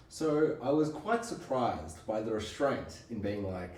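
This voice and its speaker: A man co-hosting a podcast, chatting casually and acting out scenes with quick impressions. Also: a little high, distant mic. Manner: animated, acts out scenes in quick impressions, swears. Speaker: podcast co-host. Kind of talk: casual chat. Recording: echoey room, off-mic.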